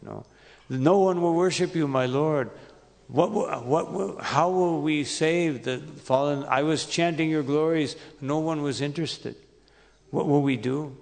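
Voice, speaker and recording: A man's voice: mid-range voice, steady tone, normal speed, vocal fry, fairly bright tone, in a large hall. A man voicing an anxious male sage who speaks in a worried, pleading way, as part of a sermon.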